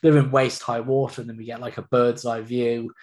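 Man, co-host, relaxed and hedging, recapping a film. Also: mid-range voice, fairly quick. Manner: hedging, easygoing, many fillers. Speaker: podcast co-host. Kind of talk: casual film chat.

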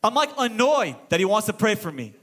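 A middle-aged man preaching a sermon as pastor, moving between loud exclamations and hushed storytelling. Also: sits high, very animated, fairly quick. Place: church auditorium.

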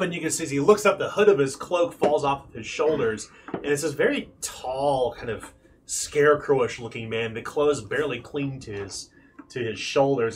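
A man running a tabletop game as game master, describing scenes in an animated way with frequent fillers. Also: mid-range voice, a little hiss or hum.

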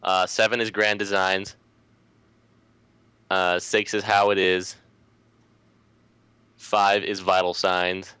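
Deep-voiced eager podcast guest man. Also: slow, pauses often, smooth, no room sound. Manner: eager, rambling, animated when excited. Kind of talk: casual podcast chat.

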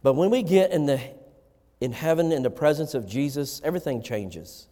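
A man's voice: fairly high pitch, expressive, normal speed, dark tone, big-room sound. A man preaching a sermon as pastor to his church, impassioned, his voice rising and falling through the message.

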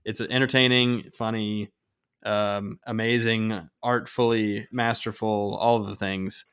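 A man co-hosting a casual podcast, joking around and giving listener shout-outs. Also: lowish voice, little pitch movement, measured pace, smooth. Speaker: podcast co-host.

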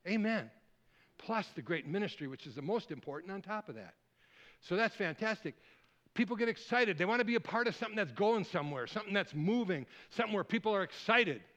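A man preaching a sermon, rambling and lively, calling out questions to the congregation. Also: on the high side, lo-fi sound. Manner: lively, rambling, audience call-and-response. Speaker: guest preacher.

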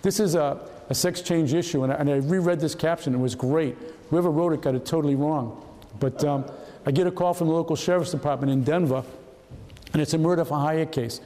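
A retired FBI agent in his seventies, with a fairly high voice, moves briskly through an anecdotal talk as guest speaker, his words carrying the echo of a big hall at a historical society event. He livens up the stories by impersonating the people in them.

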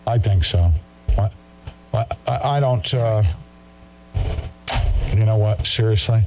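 A man's voice: on the low side, slow, a little mellow, soft background music. A man hosting a talk show, ranting in an agitated way and mocking his critics. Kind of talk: heated monologue.

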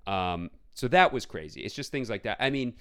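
A man co-hosting a casual film review podcast, talking bluntly and with lots of profanity, acting out scenes with quick put-on voices. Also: lowish voice, expressive, fairly bright tone, smooth. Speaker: podcast co-host.

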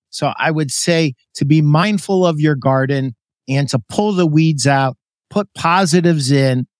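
A man's voice: a little high, no echo, studio quality. Fired-up preachy man hosting a podcast. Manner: emphatic, preachy, gets emotional. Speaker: podcast host. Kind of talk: passionate motivational pep talk.

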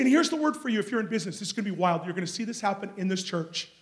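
High-voiced man preaching a charismatic sermon. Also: lively intonation, rapid-fire. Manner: storytelling preacher, swings from hushed to loud exclamations. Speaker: guest preacher. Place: church sanctuary.

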